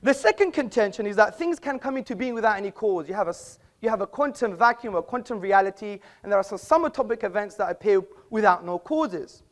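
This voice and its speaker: A man's voice: high voice, expressive, fast, hardly any pauses. A man giving a formal debate speech in an auditorium, lecturing and argumentative, with rhetorical questions.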